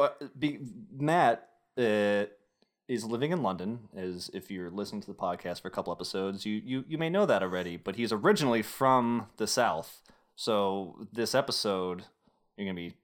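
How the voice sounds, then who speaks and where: Young man, podcast host, low-ish voice, loose rambling delivery with frequent laughs. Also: fairly quick. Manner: rambling, self-interrupting, laughs often. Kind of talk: casual podcast chat.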